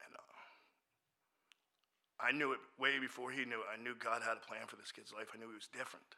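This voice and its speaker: A man tells a personal testimony in an earnest, casual way. His voice is very bright and cutting at a middling pitch, and his speech is plain, everyday talk about his ministry work. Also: fairly even intonation, fairly quick. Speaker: addiction ministry worker.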